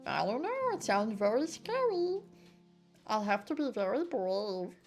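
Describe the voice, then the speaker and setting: A woman voicing a timid, earnest male frog detective who speaks in a high, nervous, polite way. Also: sing-song, unhurried, soft background music, heavily acted.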